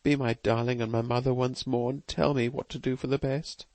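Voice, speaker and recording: A man's voice: medium pitch, flat delivery, a little fast, a little mellow, no room sound, voice pushed up, close to an everyday voice. A man reading a distraught, fragile young woman in an audiobook, pleading and tremulous, raised well above his own voice.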